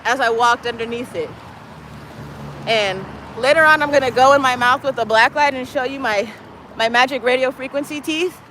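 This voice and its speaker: High-voiced woman rambling on a street. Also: sharp tone, a little hiss or hum, rough recording. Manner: profane, meandering, talks to her cat in baby talk. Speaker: live streamer. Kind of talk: casual rambling livestream. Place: outdoors on a city street, walking.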